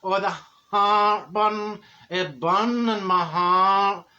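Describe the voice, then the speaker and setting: A man voicing a glum, very old woman from Glasgow with a Glaswegian accent, talking in a slow, plaintive drawl. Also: sits high, bright, forceful tone, muffled recording, full character voice. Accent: Glaswegian Scottish.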